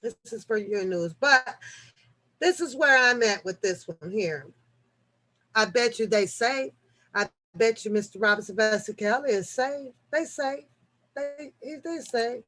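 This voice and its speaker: A woman with a somewhat high voice hosts a casual live-stream chat at a measured pace, reading news articles aloud and joking with viewers. Her delivery swings between low mutters and loud, laughing outbursts.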